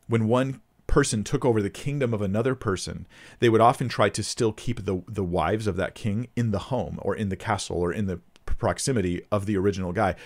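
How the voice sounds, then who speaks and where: A man's voice: fairly low pitch, darkish tone. A man answering viewer questions about the Bible, thinking aloud and reading scripture passages with emphasis. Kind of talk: casual teaching Q&A.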